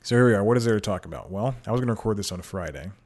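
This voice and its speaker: In a very fast, expressive delivery, a man with a lowish, somewhat mellow voice hosts his podcast by himself at a desk microphone at home, a TV audible behind him. His casual monologue rambles and turns self-deprecating, with frequent laughter between thoughts.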